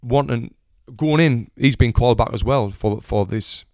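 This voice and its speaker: A man telling a story in a smooth Sunderland accent. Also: mid-range voice, measured pace, darkish tone, dry recording, clean studio sound. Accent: Sunderland English. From England. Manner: chatty, swears freely, acts out the people in his story. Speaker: retired boxer telling a story. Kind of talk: casual storytelling.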